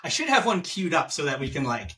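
A man hosting a casual podcast interview, easygoing and full of quick filler affirmations. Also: a little high, very animated, pushed and bright, recorded from a distance. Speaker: podcast host.

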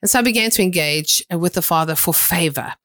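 A woman's voice: lowish voice, fast, no echo, studio quality. Earnest middle-aged woman preaching. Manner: earnest, exhorting, retells events with lively quoted dialogue. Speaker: prophetic minister. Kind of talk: spoken sermon with personal testimony.

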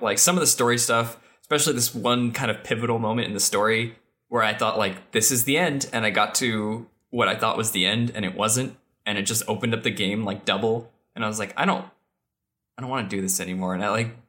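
A man with a low but bright, forward voice, chatting easily on a games podcast. He is laid-back and swears in passing. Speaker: podcast co-host. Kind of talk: casual chat about games.

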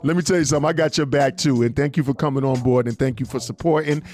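A man hosting an internet radio show, reading listener messages aloud in a loose, slangy, animated way. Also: medium pitch, quick pace, faint music behind. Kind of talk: casual radio show banter.

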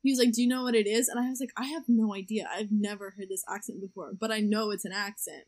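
A woman's voice: mid-range voice, steady tone, fast, darkish tone. A young woman telling a dating story in a casual podcast chat, chatty and laughing often. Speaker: podcast co-host.

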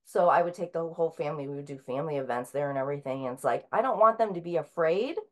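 A woman's voice: low-pitched, fast talker. A middle-aged woman author speaking as an interview guest, talking casually with many filler sounds and restarts.

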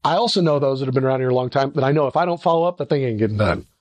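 A middle-aged ministry leader talks very fast with no room sound. He gives a conversational leadership teaching and acts out little dialogues in an animated way, his pitch jumping suddenly.

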